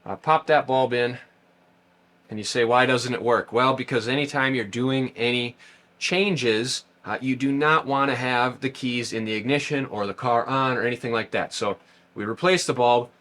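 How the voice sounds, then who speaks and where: A man's voice: mid-range voice, moderate pace, fairly bright tone. A man hosting a how-to channel, talking through a car repair in a casual, step-by-step way, outdoors by a parked car. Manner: plain, step-by-step explaining. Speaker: host of a how-to video channel.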